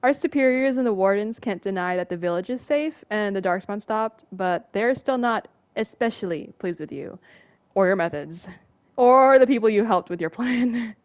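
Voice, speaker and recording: A woman's voice: mid-range voice, normal speed, clear, resonant tone, no room sound. Woman, game streamer, reading in-game text aloud, casual asides, frequent laughter.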